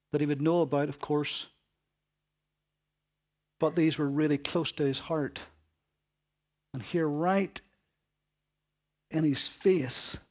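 Male preacher, slightly high voice, earnest expository sermon with dramatic soft-loud swings. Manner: earnest, dramatic shifts between loud emphasis and soft hushed lines.

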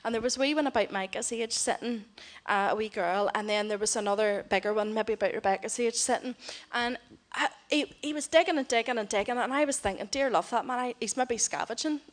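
A woman's voice: fairly high pitch, a little fast, hardly any pauses. A middle-aged woman, giving a heartfelt mission report to a church congregation and voicing the people she quotes. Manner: heartfelt storytelling, voices others in quotes. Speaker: missionary speaker.

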